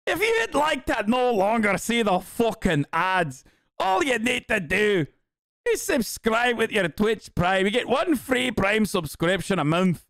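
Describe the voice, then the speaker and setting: A man's voice: very animated, unhurried, dry recording, studio quality, full character voice. A man putting on a Scottish accent as a brash, hammy ad announcer. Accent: Scottish (put on). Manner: loud, hammy sales pitch.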